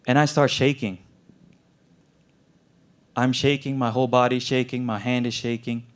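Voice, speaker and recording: A man's voice: medium pitch, little pitch movement, moderate pace, long pauses, clean tone. Young man performing earnest spoken word. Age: young adult. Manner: earnest, emotionally intense storytelling. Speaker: medical student performer.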